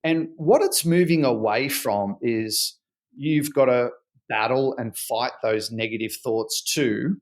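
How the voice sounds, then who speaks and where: A middle-aged man, a podcast guest explaining his research in an animated, storytelling way. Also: medium pitch, slow. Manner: animated storyteller who acts out dialogue. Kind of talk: conversational podcast interview.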